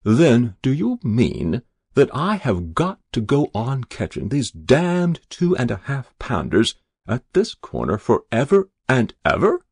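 A man voicing a hearty, exclamatory English gentleman angler with an upper-class manner. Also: mid-range voice, sing-song, a little slow, gravelly, slightly rough, dry recording, studio quality, heavily acted. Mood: exasperated.

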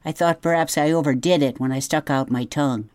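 A woman's voice: deep voice, brisk, darkish tone, no echo, lightly acted. A woman voicing a vain, theatrical female opossum who loves to perform, talking in a gushing, showy way. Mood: pleased.

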